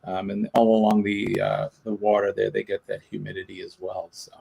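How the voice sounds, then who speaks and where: A man's voice: on the low side, monotone, brisk, gravelly, mellow, breathy edge. A man hosting a casual livestream, rambling with lots of ums and uhs. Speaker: livestream host. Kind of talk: casual live chat.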